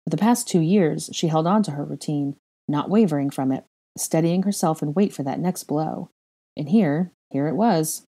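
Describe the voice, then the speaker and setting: Low, mellow woman reading a story. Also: normal speed, slightly rough. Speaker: fan fiction reader. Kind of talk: audiobook-style narration.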